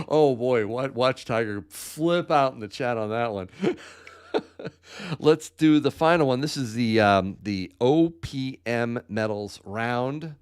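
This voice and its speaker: Out of breath, a podcast host runs a livestream giveaway chat, upbeat and laughing often as he announces winners' names. His voice is a little high, animated, slow and clean in tone.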